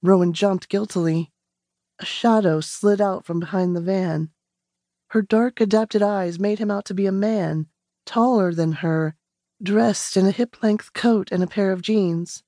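A woman narrating an audiobook in a measured, steady storytelling manner on a close studio mic. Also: mid-range voice, dry recording. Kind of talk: scripted narration.

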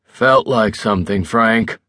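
A man's voice: fairly low pitch, slow pace, pushed and bright, no echo, studio quality. A male narrator playing a tipsy, stubborn older political fixer who rambles with backslapping bluster.

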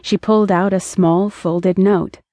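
A woman reads an audiobook aloud in a mellow, warm voice. Her telling is measured and expressive, recorded close and dry with no room sound. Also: mid-range voice, no room sound. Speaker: audiobook narrator. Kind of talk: scripted audiobook narration.

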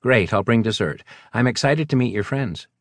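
A man doing a soft, eager young woman. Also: mid-range voice, expressive, moderate pace, no echo, studio quality, voice pushed up.

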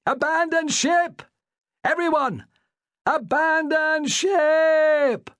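A man's voice: sits high, moderate pace, a bit bright, dry recording, voice pushed up. A man voicing a commanding middle-aged ship's master in an audiobook, bellowing orders over a storm. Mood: shouting desperately. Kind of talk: audiobook character voice.

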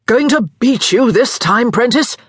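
A woman voicing a boastful, tipsy young gentleman who is cheerful and a little dim, with giddy bragging. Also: fairly high pitch, sing-song, measured pace, dry recording, clean studio sound, pitched above the performer's own voice. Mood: tipsy boasting.

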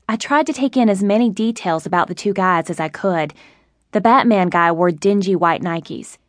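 A woman's voice: mid-range voice, dry recording, studio quality. A woman narrating a first-person mystery audiobook in a wry, sassy storytelling manner.

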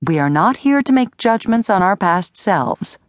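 A woman narrator voicing a prim, measured middle-aged woman who guides a past-life regression in an audiobook. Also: medium pitch, sing-song, no echo. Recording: dry studio audiobook recording.

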